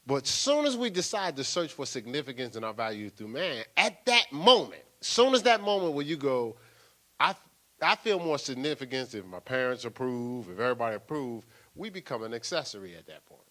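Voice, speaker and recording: Older man, a pastor with a sermon voice that swings widely and rings bright, playful and animated. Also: mid-range voice, fairly quick. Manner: lively, playful preaching with laughter and acted-out asides.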